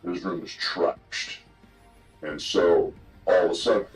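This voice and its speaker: A man's voice: sits low, steady tone, slow pace, soft background music, low-quality recording. An older man telling rambling, profane stories in a casual interview. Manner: profane, rambling yarn-spinner. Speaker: guest telling old stories. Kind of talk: casual storytelling.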